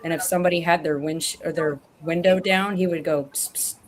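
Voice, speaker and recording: A woman's voice: on the low side, steady tone, a little fast, slight background noise. A woman in casual chat, rambling and correcting herself as she tells stories over a remote call.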